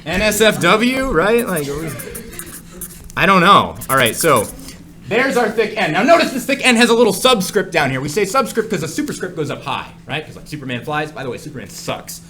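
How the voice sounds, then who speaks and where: A man teaching a math class, cracking jokes and asking his students questions as he goes. His voice is bright and lively, with lots of movement in pitch. The room sounds echoey and classroom-like, with a faint ambience behind him. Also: a little fast, faint music behind. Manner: jokey and playful, asks the class many questions. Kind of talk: classroom lecture.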